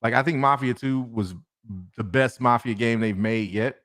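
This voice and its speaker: A man co-hosting a casual podcast chat, animated, laughing often and repeating himself for emphasis. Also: medium pitch, moderate pace. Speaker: co-host.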